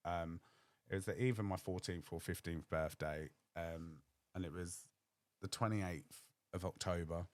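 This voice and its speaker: A man's voice: deep voice, fairly even intonation, measured pace, darkish tone, dry recording. A young man, telling a candid personal story on his podcast and acting out other people's voices. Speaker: podcast host.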